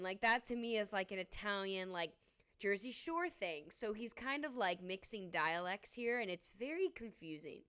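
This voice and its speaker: A woman's voice: mid-range voice, expressive, moderate pace, fairly bright tone, clean tone. A young woman co-hosting a podcast, chatting casually and reacting with strong opinions. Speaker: podcast co-host. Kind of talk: casual chat.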